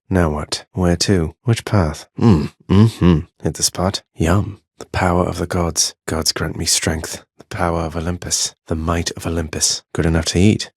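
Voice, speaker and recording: A man's voice: sits low, no echo. An actor playing a young male underworld prince in a video game, trading dry, cocky quips. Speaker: game character.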